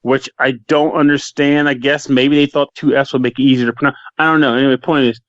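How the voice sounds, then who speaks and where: A man co-hosting a podcast, chatting casually and reviewing games with animated, joking rants. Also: medium pitch, fast talker, dry recording, highs cut off. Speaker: podcast co-host, game reviewer. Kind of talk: casual chat.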